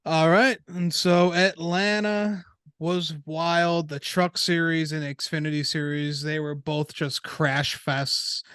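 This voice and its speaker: Smooth-voiced man in casual racing chat. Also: on the high side, slow pace, no room sound, clean studio sound. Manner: relaxed, swearing, laughing often. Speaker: podcast co-host.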